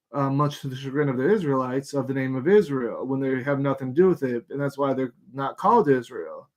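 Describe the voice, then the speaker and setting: A man's voice: medium pitch, darkish tone. A man hosting a live show, reading Bible passages aloud with stumbles and restarts and breaking off for frank, irritated commentary. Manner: reads passages aloud haltingly, stops to comment.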